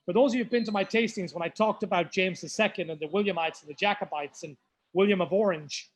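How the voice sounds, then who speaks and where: A man's voice: sits high, quick pace, low-quality recording. A man from County Mayo with an Irish Mayo accent, hosting a whiskey tasting in a pub and chatting to the group with loose storytelling asides. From Ireland (County Mayo). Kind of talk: casual hosted tasting talk. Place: pub, live tasting event.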